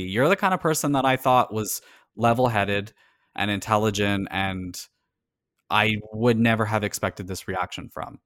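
A man's voice: lowish voice, moderate pace, a bit bright, clear, resonant tone, dry recording, clean studio sound. A man from Canada in casual conversation as a podcast co-host, talking earnestly and reflectively about personal experience.

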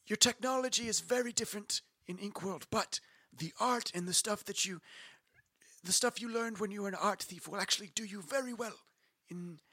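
A man's voice: high voice, normal speed, sharp tone, breathy edge, no room sound. A man acting as game master, playfully narrating in character and often stumbling over words with a laugh.

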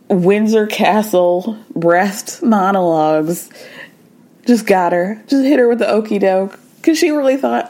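A woman's voice: medium pitch, darkish tone. A woman hosting a casual pop-culture podcast, telling the story with animation, acting out the quotes and often laughing. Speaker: podcast host.

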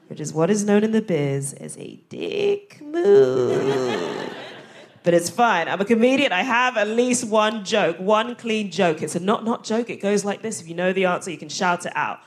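A woman's voice: medium pitch, wildly swooping pitch, takes it slowly. Cheeky young woman with a posh London accent. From England and Ghana. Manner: punchy, cheeky comic delivery. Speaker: stand-up comedian. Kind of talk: stand-up comedy. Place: live theatre stage.

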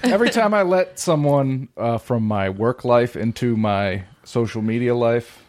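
Animated man in halting casual chat. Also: medium pitch. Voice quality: halting, restarts often. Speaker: podcast co-host.

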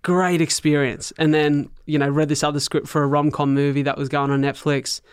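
Smooth-voiced Australian man telling stories. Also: a little high, a little fast, no echo, studio quality. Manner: animated storyteller, acts out what others said. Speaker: podcast guest. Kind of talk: casual podcast chat.

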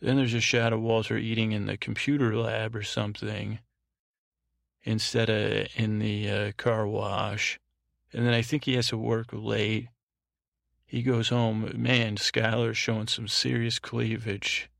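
Gravelly low-voiced man rambling at bedtime. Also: little pitch movement, a little slow, fairly bright tone, dry recording, clean studio sound. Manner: meandering, with fillers and restarts. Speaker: podcast host. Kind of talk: rambling bedtime episode recap.

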